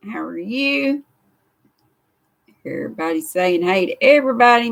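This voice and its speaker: An older woman with a Southern American accent from the United States hosts a casual livestream from her craft room, greeting viewers by name and reading their comments in a chatty, homespun way. Her voice is lowish and a bit bright, with vocal fry.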